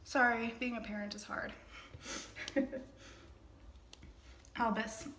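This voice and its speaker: A woman's voice: fairly high pitch, fairly even intonation, extremely slow, long pauses. A woman casually reading a play aloud and chatting about it, with frequent laughs and rambling asides. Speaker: reader and commentator. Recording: roomy echo.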